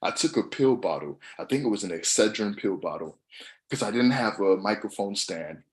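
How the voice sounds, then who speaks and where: A young adult man giving a motivational monologue, passionate and swinging from shouts to soft asides. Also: lowish voice, animated, moderate pace. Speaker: motivational speaker.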